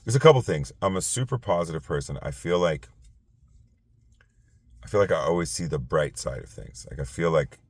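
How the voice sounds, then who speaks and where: A man's voice: a bass voice, normal speed, long pauses, dry recording. A tired man hosting a casual late-night talk show, rambling with many fillers and restarts. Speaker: podcast host.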